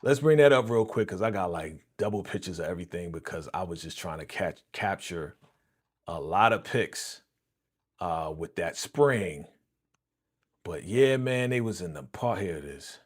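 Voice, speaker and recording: Animated man recapping an episode. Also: sits low, normal speed, breathy edge. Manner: excited, slangy retelling with chuckles. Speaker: reaction streamer. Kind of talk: casual live reaction recap.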